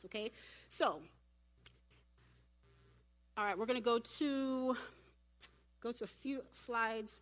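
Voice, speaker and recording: A woman giving a lively sermon at a church women's event and directing volunteers from the audience. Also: fairly high pitch. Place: church hall.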